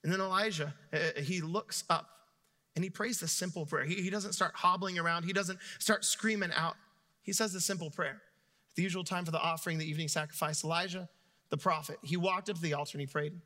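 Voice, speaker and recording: A young adult man preaching a sermon, retelling scripture with animated storytelling and playful asides. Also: on the high side, fairly quick. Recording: long reverb of a hall.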